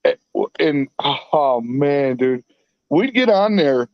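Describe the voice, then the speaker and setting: A man co-hosting a casual podcast, chatting excitedly and laughing between lines. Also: fairly high pitch, takes it slowly, no room sound. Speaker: podcast co-host. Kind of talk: casual chat. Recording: dull lo-fi call audio.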